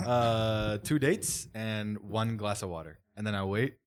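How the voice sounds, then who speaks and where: A man's voice: lowish voice, measured pace, smooth. A man co-hosting a casual podcast, chatting in a playful, laid-back way. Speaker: podcast co-host.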